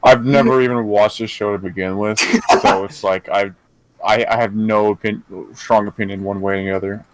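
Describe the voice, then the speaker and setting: A man's voice: lowish voice, steady tone, moderate pace, noisy background. A man telling a rambling story in a casual podcast chat, full of fillers and swearing. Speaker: podcast co-host.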